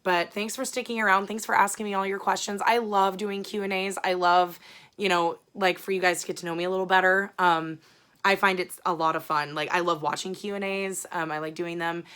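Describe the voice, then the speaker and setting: A woman's voice: on the low side, fairly even intonation, fairly quick, a bit bright, clean tone. A woman chatting casually to her viewers in a rambling, frank way, swearing freely. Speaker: book vlogger. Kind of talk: casual chat.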